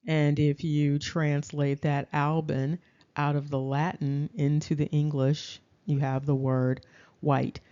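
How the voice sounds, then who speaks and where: A woman talks through a lecture at a slow, measured pace. Her voice is warm and dark in tone, and she checks in with her audience as she goes. The recording sounds dull and lo-fi. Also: low voice, little pitch movement, smooth. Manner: deliberate, checks in with "okay?". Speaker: lecturer presenting slides.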